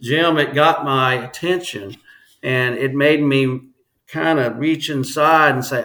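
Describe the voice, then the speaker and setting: Guy on a podcast telling his own story, earnest, kinda halting, keeps restarting. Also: medium pitch, pushed and bright. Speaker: interview guest. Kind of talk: personal storytelling in a podcast interview.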